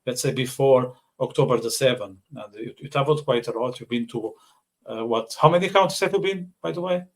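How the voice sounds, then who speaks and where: A man's voice: mid-range voice, a little fast. A man hosts a casual podcast chat in an ordinary mid-range voice. He jokes and speaks bluntly, often circling around his questions before finishing them. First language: Portuguese. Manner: joking, blunt, rambling. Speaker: podcast host.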